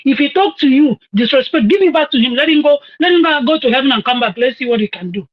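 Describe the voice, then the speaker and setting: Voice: high voice, expressive, quick pace, phone-quality sound. A speaker in an online audio room ranting angrily and confrontationally.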